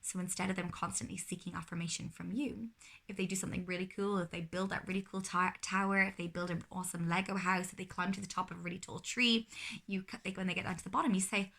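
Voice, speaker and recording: A mother in her thirties offers parenting advice in a casual vlog, explaining things earnestly and often correcting herself mid-sentence. She talks fast in a lowish, gravelly voice that is fairly bright, with fairly even intonation.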